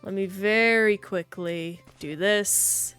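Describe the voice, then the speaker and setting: A woman's voice: mid-range voice, slow, fairly bright tone, clean tone, faint music behind. A woman streaming a game, chatting casually and rambling while reacting to play and chat.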